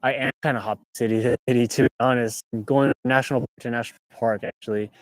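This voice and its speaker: A man's voice: medium pitch, fairly even intonation, fast, no echo. A young man from California chatting casually on a livestream from inside his car, reading viewer comments aloud in a laid-back way. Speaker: livestream host. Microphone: clip-on mic.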